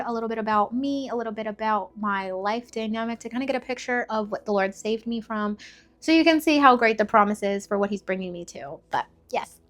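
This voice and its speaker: A woman in her twenties opens up on camera about her past in a personal testimony vlog. She talks frankly and emotionally, circling back with repeated phrases and quick asides. Her voice sits somewhat high. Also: a bit bright. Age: 20s. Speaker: vlogger sharing a testimony.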